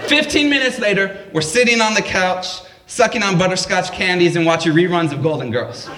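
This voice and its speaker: A man's voice: sits high, a little fast, distant mic, a loud crowd, very noisy. A man telling a comedic story on stage at a live event, wry and self-deprecating. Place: live event at a public library. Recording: echoey live room.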